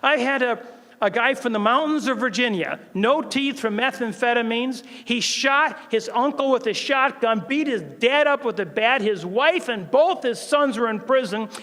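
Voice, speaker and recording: Older male speaker with a very high, light voice. Animated storyteller at a prayer breakfast. Recorded on a stage mic in a big hall. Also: moderate pace. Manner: lively storyteller, acts out quoted voices and laughs often. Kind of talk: storytelling testimony speech. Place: large event hall. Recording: long hall reverb.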